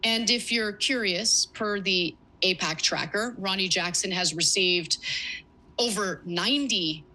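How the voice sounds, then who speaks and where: A woman's voice: mid-range voice, unhurried, sharp tone, poor audio. A woman hosting a news commentary, reading report excerpts aloud with emphatic, sarcastic asides. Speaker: political commentator.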